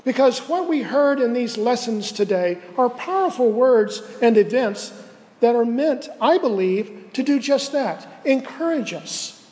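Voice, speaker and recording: A man with a notably high voice delivers a sermon from the pulpit. He is earnest and measured and slows down on points of emphasis. His words ring out with a long hall reverb. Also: expressive, a little mellow. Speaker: pastor.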